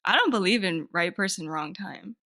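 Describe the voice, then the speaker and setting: A young woman co-hosting a casual podcast chat, giggly and quick to react. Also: on the low side, sharp tone, dry recording, studio quality. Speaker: podcast co-host.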